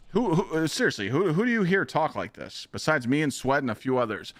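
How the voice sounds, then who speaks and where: A male streamer ranting live in a blunt, heated way, swearing freely as he talks to his chat. His voice sits at an ordinary middle pitch. The sound is dry and close to the mic. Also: very animated, a little fast, no room sound.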